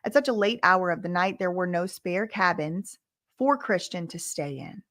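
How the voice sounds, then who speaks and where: A woman's voice: fairly low pitch, expressive, moderate pace, a bit bright, no room sound, clean studio sound. A woman hosting legal commentary, reading court quotes aloud in a casual, chatty way with frequent asides.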